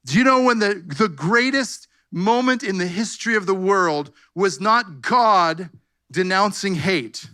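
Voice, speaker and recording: A man's voice: high voice, bright, forceful tone. A man pastor preaching a fervent sermon, calling out "come on" and "amen" to his congregation. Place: church sanctuary.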